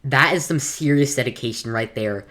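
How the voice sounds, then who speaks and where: A woman with an unusually deep, low voice chats casually over a video she's watching, offering relaxed and amused remarks between clips. Her tone stays easygoing and conversational. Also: moderate pace. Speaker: YouTuber reacting to a video. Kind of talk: casual reaction commentary.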